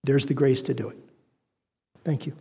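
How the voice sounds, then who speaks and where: A man preaching a sermon as a guest speaker, telling stories with lively acted-out quotes and speaking straight to the congregation. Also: mid-range voice, moderate pace, vocal fry, husky. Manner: animated storytelling preacher, acts out voices in quotes. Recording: reverberant church hall.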